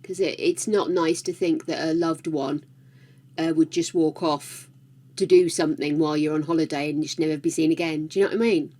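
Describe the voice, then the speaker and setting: A woman's voice: low voice, fairly even intonation, brisk, dark tone. A woman hosting a livestream, chatting casually with viewers, laughing often and greeting them by name. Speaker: livestream host.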